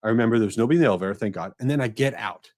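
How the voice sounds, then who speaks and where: A middle-aged man hosting a podcast, telling an embarrassing story in a casual, animated, self-mocking way. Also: racing. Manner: animated, self-mocking, rising to a high squeal at punchlines. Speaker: podcast host.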